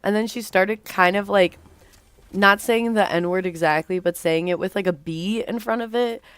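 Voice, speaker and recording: A woman's voice: mid-range voice, moderate pace, fairly bright tone, clear, resonant tone, no echo. A young woman livestreaming a game, rambling through a storytime with lots of fillers and casual swearing. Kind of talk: rambling storytime while gaming.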